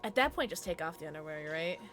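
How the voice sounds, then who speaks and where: A woman's voice: low-pitched, expressive, fast. A young adult woman live-streaming a horror game, chatting with viewers and shrieking at jump scares. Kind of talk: live gameplay commentary.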